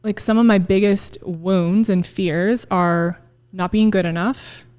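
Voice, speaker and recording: A woman's voice: mid-range voice, steady tone, slow pace, a little mellow, clear, resonant tone. A woman in her thirties, a podcast guest, talking candidly and emotionally, swearing freely and acting out her own thoughts in quotes. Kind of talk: candid casual chat.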